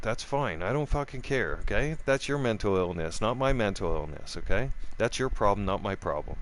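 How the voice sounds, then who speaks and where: A man's voice: animated, normal speed, hardly any pauses. A middle-aged man telling a rambling, profane story in a casual vlog rant, restarting his sentences often. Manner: voice jumps up high when quoting himself. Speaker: gaming vlogger.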